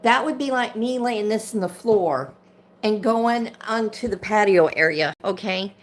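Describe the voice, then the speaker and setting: A woman's voice: mid-range voice, measured pace. A woman hosting a casual livestream, ranting with indignation and greeting viewers by name as they join. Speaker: livestream host.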